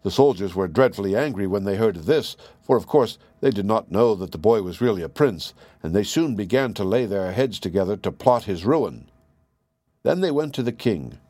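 Low-voiced man reading a fairy tale. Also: expressive, normal speed, a little mellow, dry recording. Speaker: narrator. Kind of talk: storybook reading.

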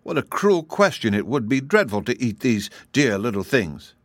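A man's voice: mid-range voice, animated, no room sound, studio quality, natural voice. A man voicing a sensible young girl who answers promptly and earnestly in an audiobook reading. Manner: brisk, earnest.

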